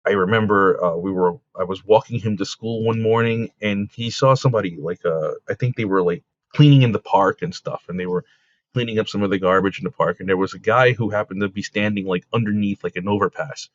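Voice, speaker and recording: Low-voiced man telling a rambling story. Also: a little fast, no room sound. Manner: rambling, with many fillers like "like" and "you know"; laughs while telling stories. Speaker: comic book creator and guest. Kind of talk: casual storytelling in an interview. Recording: dull lo-fi dry recording.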